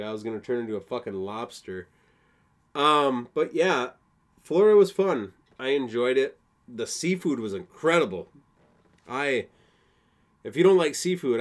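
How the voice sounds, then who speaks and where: Profane rambling young man podcasting. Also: medium pitch. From Wisconsin. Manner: profane, rambling, laughs often. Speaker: podcast host. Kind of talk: casual solo podcast rant.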